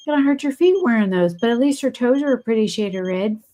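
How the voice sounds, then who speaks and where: A woman's voice: medium pitch, fairly quick, hardly any pauses, darkish tone. A woman, chatting casually and bluntly while streaming a game, swearing freely. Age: 40s. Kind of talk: casual gaming stream chat.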